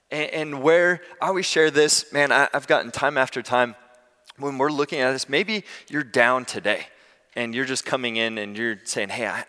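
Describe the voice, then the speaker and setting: A man preaching a sermon as pastor, telling stories in a conversational, animated way. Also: a little high, big-room sound.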